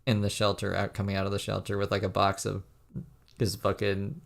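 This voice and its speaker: A man's voice: on the low side, completely flat delivery, brisk, vocal fry. A man giving profane, sarcastic commentary on a clip he is reacting to. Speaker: commentary streamer. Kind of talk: mocking commentary.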